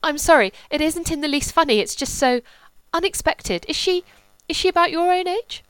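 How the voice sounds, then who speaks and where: A woman reading the part of a lively, quick-witted young society woman, her voice raised and bright. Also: sits high, no echo, pitched above the performer's own voice, low-quality recording. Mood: teasing.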